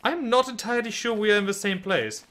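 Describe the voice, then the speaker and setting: A man's voice: high voice, fast talker, a bit bright. A young man chatting casually while playing a co-op game, often stammering and restarting, a bit flustered and wry. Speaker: gameplay host. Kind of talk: casual gaming chat.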